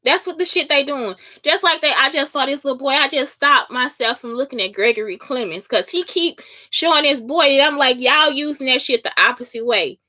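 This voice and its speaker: A woman's voice: high voice, fairly quick, few pauses, bright, forceful tone. A woman hosting a podcast in a casual solo monologue, heated and profane, who keeps asking her listeners if they understand. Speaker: podcast host.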